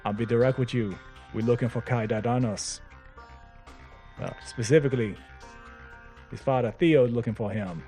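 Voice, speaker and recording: A man's voice: mid-range voice, moderate pace, pauses often, dark tone, soft background music. Male player at a tabletop game, mid-range voice, playful, laughs a lot. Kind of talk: tabletop role-play.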